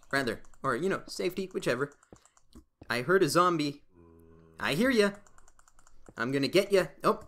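A young man from Canada giving casual, excitable commentary as he plays a video game, often breaking into exclamations. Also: a little high. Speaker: let's play gamer.

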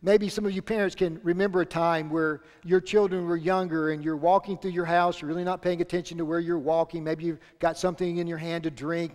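A male pastor delivers a sermon in an earnest, steady voice, leaning on repeated phrases for emphasis. His voice sits high for a man. A long reverb from the sanctuary trails each line. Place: church sanctuary.

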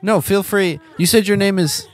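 A man playing a dim, easily distracted male officer in an improv comedy sketch, in a deadpan manner. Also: sits high, normal speed, lightly acted.

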